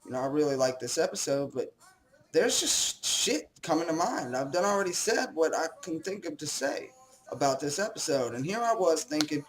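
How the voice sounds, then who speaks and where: A man's voice: a little high, expressive, moderate pace, rough recording. A young man rambling casually as host of his own commentary, swearing and joking at himself.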